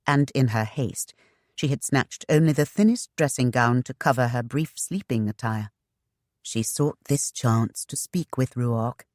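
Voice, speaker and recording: Measured audiobook narrator, dry recording. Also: mid-range voice, darkish tone, no echo. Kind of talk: scripted narration.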